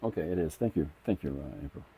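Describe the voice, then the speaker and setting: Middle-aged male comic artist, deep relaxed voice, casual rambling live-stream chatter. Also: quick pace, creaky, a little hiss or hum. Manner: rambling, thinks aloud with frequent restarts. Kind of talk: casual live-stream chat while drawing.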